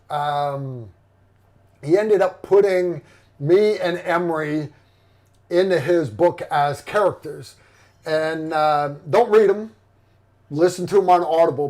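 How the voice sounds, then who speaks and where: A man's voice: on the high side, a little mellow. A middle-aged man hosting a livestream in casual chat, rambling and blunt with lots of fillers and restarts. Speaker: livestream host.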